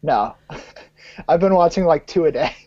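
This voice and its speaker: A man from the United States co-hosting a podcast, teasing his partner and quick to laugh in casual chat. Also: on the high side, expressive, warm tone, dry recording, dull audio. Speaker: podcast co-host.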